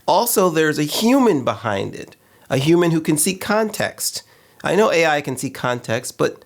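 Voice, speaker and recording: Gravelly-voiced man hosting a tech review. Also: fairly high pitch, very animated, normal speed. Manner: candid, opinionated, conversational. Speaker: host of a filmmaking channel. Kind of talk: casual tech review talk.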